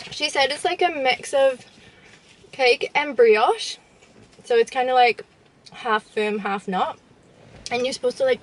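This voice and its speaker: A bubbly young woman gushes through a casual vlog from her car, her voice sitting a little high. The recording is noisy, with car sounds rumbling underneath. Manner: bubbly, gushing, filler-heavy. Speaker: vlogger. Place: inside a car.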